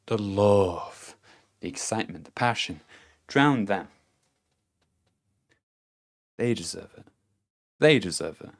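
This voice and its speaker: A young vlogger with a fairly low voice gives a casual, blunt self-help monologue packed with swearing. He chuckles to himself and shifts between loud, punchy emphasis and quiet murmuring.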